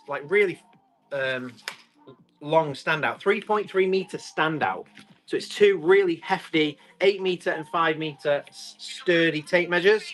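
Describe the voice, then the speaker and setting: A man's voice: a little high, a bit bright. A man running a live online tool auction, chatting casually and rambling as he jokes with viewers. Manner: chatty and rambling, joking with the chat. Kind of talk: casual live-stream chat.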